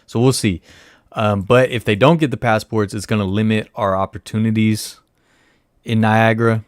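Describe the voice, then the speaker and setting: Speaking at normal speed in a lowish, fairly even voice, a livestream host rambles and pokes fun at himself, chatting with viewers as he searches. The sound is clean studio quality with no room sound.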